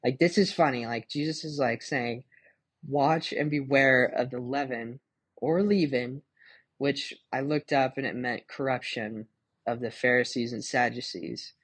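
A man's voice: mid-range voice, normal speed, breathy edge, no echo. A young man hosting a casual devotional podcast, talking and reading Bible verses in a chatty way, laughing often and filling his speech with "like" and "um". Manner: chatty, laughing, full of fillers like "like" and "um". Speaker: podcast host.

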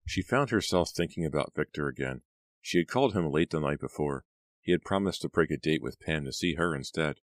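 A man narrating an audiobook in a steady, even reading. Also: very deep voice, a little fast, no echo. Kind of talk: scripted narration.

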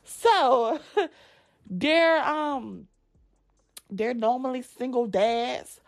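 A woman, telling a story to her viewers in a blunt, profane, animated way. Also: high voice, very slow, creaky. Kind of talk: casual storytime vlog.

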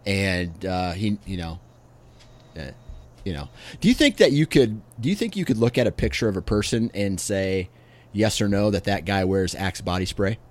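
Laid-back low-voiced man in his late thirties. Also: animated. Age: late 30s. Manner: laid-back, laughs often, drawn-out storytelling. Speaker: podcast co-host. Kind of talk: casual chat.

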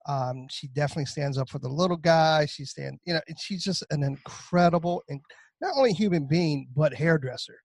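American male co-host, somewhat high voice, dry sound, stammering eagerly. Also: no room sound. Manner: halting, many restarts, warm praise. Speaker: podcast co-host. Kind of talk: casual podcast chat.

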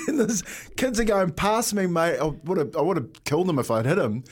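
A man with a New Zealand accent, a radio host telling a lively story with lots of laughter and "mate". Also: sits high, moderate pace, breathy edge. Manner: animated storyteller, laughs often, says "mate". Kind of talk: casual radio chat.

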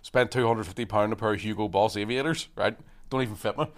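A man, a guest comedian, telling animated, sweary stories in casual podcast chat and laughing as he goes. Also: on the low side, quick pace. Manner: animated, sweary, often laughing mid-sentence.

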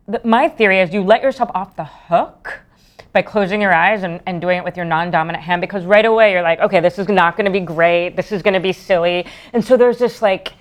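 Woman workshop leader, slightly low pitch, animated, laughs easily, casual. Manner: animated storyteller, laughs often. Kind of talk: casual conversation.

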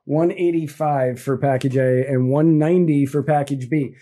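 A man's voice: on the high side, fairly even intonation, moderate pace, hardly any pauses, mellow. A man co-hosting a casual live auction, easygoing, echoing his partner and laughing often. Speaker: co-host. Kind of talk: casual livestream auction chat.

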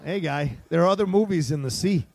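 A man's voice: on the high side, brisk, creaky. A man co-hosting a podcast, chatting casually and joking, slipping into silly voices and swearing. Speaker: podcast co-host. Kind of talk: casual comedic chat.

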